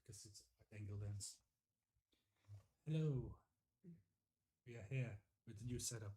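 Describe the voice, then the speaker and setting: A man's voice: on the low side, unhurried, dark tone. A man hosting a casual livestream at home on a desktop USB microphone, chatty and a little apologetic about the sound. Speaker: livestream host.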